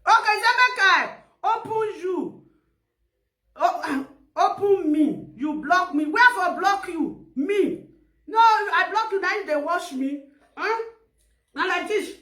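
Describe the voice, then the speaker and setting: A Nigerian woman with an Edo accent ranting loudly in a casual vlog, laughing often and mixing Pidgin with a local language. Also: very high-pitched, animated, slow pace, pauses often, echoey room. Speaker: social media vlogger. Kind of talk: animated casual rant.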